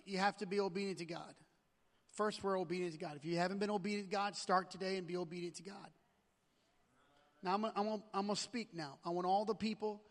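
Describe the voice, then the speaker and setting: High-pitched preacher guy, keeps repeating himself, long echo in a church. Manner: repeats words and restarts, urging the congregation. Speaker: pastor. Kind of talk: sermon with prayer call. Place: church sanctuary.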